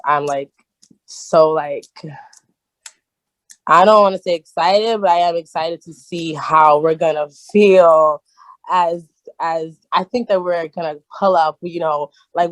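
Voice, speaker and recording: A woman's voice: low-pitched, dry recording, poor audio. A young woman speaking on a video call, emotional and rambling, with many fillers and restarts. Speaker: cast member.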